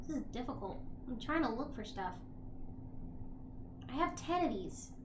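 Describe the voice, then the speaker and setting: A woman's voice: high voice, moderate pace, roomy sound, background noise. A young woman co-hosting a casual podcast, swearing freely and retelling scenes while snacking. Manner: swearing, animated storytelling, eating while talking. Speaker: podcast co-host. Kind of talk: casual chat.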